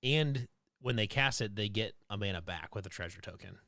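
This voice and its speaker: A man's voice: fairly low pitch, lively intonation, a little fast, gravelly, sharp tone, dry recording, studio quality. A man co-hosting a casual streamed chat, rambling and giggling, often repeating himself. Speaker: co-host.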